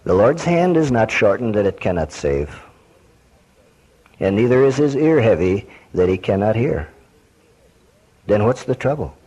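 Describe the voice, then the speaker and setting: A man's voice: on the low side, big pitch swings, measured pace, pauses often, mellow, husky, poor audio. A man preaching a sermon, quoting scripture and questioning his listeners.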